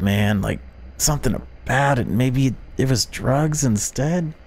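A man's voice: mid-range voice, darkish tone, voice pushed up. A man voicing a nervous male caller in a horror game who stammers and trips over his words. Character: jittery young male night-owl caller.

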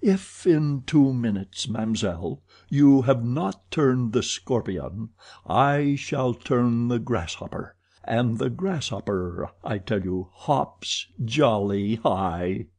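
A man's voice: medium pitch, expressive, a little mellow. A man reading as Eric, a coldly mocking masked madman. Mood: threatening. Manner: slow, deliberate and mocking. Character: menacing deranged masked man, coldly theatrical. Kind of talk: audiobook character reading.

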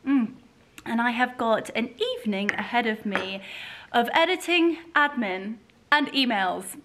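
A woman's voice: a little high, animated, a little slow, noisy background. A young woman vlogging casually at home, bubbly and affectionate, laughing often and cooing at her dogs in her kitchen. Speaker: lifestyle vlogger. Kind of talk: casual vlog chat. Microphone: camera set on a counter.

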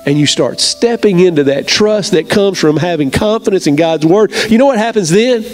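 High-voiced earnest preaching man. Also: animated, normal speed, darkish tone, faint music behind. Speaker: pastor. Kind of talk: sermon to camera.

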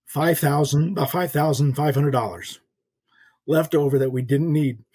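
A man's voice: fairly high pitch, moderate pace, warm tone, slightly rough. An older man, a podcast guest, earnestly telling a personal faith story in a folksy way. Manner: earnest, folksy storyteller acting out quoted voices. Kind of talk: storytelling testimony.

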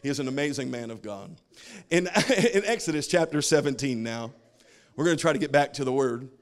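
A man's voice: medium pitch, animated, a little fast. A man in his thirties preaching a sermon as a pastor, telling funny family stories and laughing at his own jokes.

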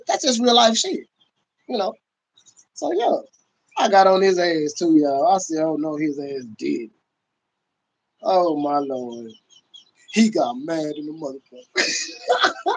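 A man on a casual livestream, ranting in a loud, profane, boisterous way and laughing often. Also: sits high, husky, rough recording.

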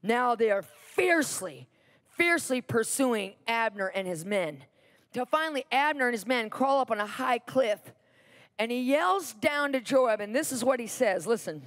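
High-voiced woman preaching a sermon. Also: moderate pace. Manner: animated Bible storytelling with repetition.

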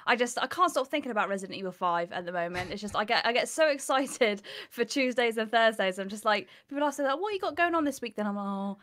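Young woman, bubbly stream co-host, quick talker, fairly high voice. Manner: bubbly, giggly, animated storytelling. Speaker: livestream co-host. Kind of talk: casual gaming livestream chat.

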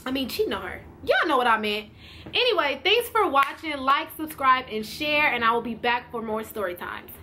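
High, bright-voiced woman vlogger. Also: normal speed, a little hiss or hum. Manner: animated, slangy, talks to viewers directly. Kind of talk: storytime vlog.

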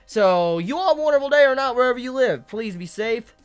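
A woman's voice: a little high, animated, brisk, clean tone, faint music behind. A woman reviewing anime in an angry, profane rant, stumbling over and repeating her words.

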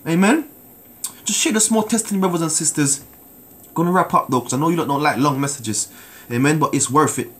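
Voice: mid-range voice, fairly quick, fairly bright tone. A preacher giving a sermon with a personal testimony, emphatic and repeating words, often calling out to listeners for an amen.

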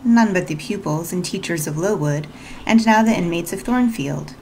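A woman reading the part of a reserved eighteen-year-old governess who answers plainly and calmly. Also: lowish voice, normal speed, vocal fry, slight background noise, rough recording. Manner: short, plain, composed answers. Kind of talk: read-aloud storybook narration.

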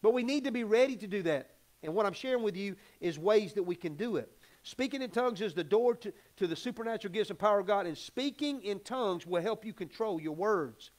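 A pastor preaching a folksy, animated sermon that acts out little scenes. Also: male voice, high-pitched, a little fast.

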